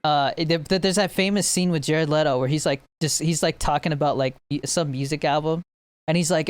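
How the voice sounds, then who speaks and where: Fairly high in pitch, brisk, steady, clear and resonant, this young man's voice has no room sound at all. As a podcast co-host chatting casually with friends, he rambles about movies, laughing often and playfully mimicking scenes.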